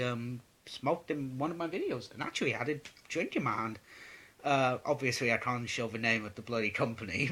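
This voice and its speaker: Sweary, rambling young Englishman, bright voice. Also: medium pitch, breathy edge. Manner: rambling, sweary, many fillers. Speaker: vlogger answering viewer questions. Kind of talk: casual Q&A vlog.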